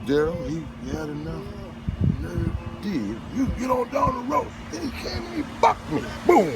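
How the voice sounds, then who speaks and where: Animated profane storyteller, loud music. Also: male voice, very high-pitched, normal speed, low-quality recording. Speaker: bricklayer telling work stories. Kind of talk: casual storytelling among friends.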